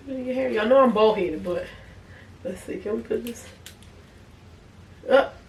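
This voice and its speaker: A woman's voice: fairly high pitch, normal speed, darkish tone. A young adult woman, casually reviewing products on camera and chatting to her viewers. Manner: chatty, talks to viewers as y'all, easy laughs. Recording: echoey room, a bit far from the mic, faint noise.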